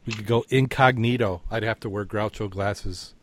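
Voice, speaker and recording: A man's voice: on the low side, normal speed. A man co-hosting a casual podcast. He halts and repeats words, tells corny puns and chuckles at them. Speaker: podcast co-host. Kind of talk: casual chat with corny jokes.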